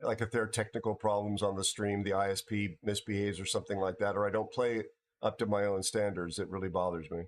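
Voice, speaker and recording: A tired older American man hosting a casual livestream chat, rambling and halting with many restarts and fillers. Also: lowish voice, level tone, a little hiss or hum. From United States. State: tired from no sleep. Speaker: livestream host.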